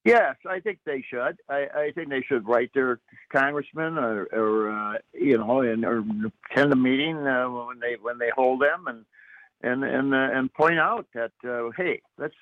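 An older man, a retired newspaper editor, talking as a radio guest, halting and full of fillers. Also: mid-range voice, no echo. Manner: halting, many fillers and restarts. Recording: tinny phone line.

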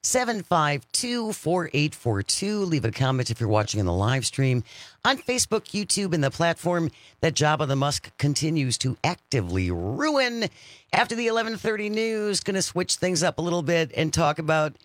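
Upbeat lively male radio host. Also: fairly high pitch, moderate pace, dry recording. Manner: upbeat, chatty, lively intonation. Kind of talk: live radio interview. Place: radio studio. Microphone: studio microphone.

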